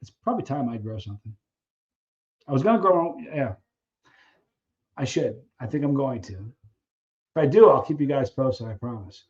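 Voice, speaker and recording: A man hosting a casual live Q&A stream, reading viewer questions and answering them in an animated way, acting out little scenes with frequent restarts. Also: mid-range voice, lo-fi sound. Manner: animated storyteller who acts out scenes, halting restarts.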